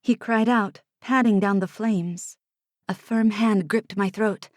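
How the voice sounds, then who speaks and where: A woman's voice: mid-range voice, fairly even intonation, takes it slowly, dry recording. Dry, close woman audiobook narrator. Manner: hushed, drops to unvoiced whispers in tense passages. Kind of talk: first-person fantasy audiobook narration. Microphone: close studio mic.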